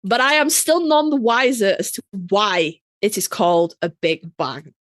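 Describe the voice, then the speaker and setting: A woman with a Yorkshire accent co-hosting a podcast in a casual chat, talking in quick, self-mocking asides with some swearing. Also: mid-range voice, sing-song, no room sound. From Yorkshire, England. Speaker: podcast co-host.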